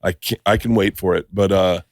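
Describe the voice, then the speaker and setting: A middle-aged man with a somewhat low voice hosts a podcast in casual chat. He tells profane, rambling stories, jumping into the voices of the people in them. The sound is close and dry, with no room behind it. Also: steady tone, fairly quick, no room sound. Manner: profane, rambling storyteller acting out quotes. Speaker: podcast host.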